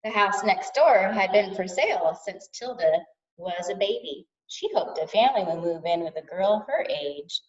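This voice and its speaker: A woman teacher reading a storybook aloud to kindergartners in an expressive, sing-song way. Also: mid-range voice, moderate pace. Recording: distant dull lo-fi sound.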